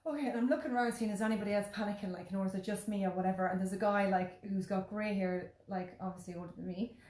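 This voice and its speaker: An Irish woman telling a story in casual, animated chat, full of "like" and the odd swear word. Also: medium pitch, fast. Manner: animated, chatty, peppered with swearing and "like". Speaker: podcast host. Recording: roomy echo.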